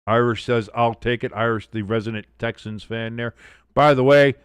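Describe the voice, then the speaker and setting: A man hosting a sports watch-along stream, giving excitable play-by-play with blunt, profane reactions. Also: mid-range voice, no room sound, clean studio sound. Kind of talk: casual live sports commentary.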